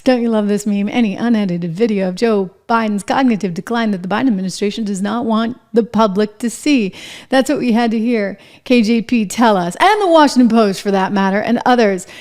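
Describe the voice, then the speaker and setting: A woman's voice: medium pitch, expressive, moderate pace, a little mellow. A woman hosting a political commentary show, talking to camera with sarcastic, indignant rhetorical questions.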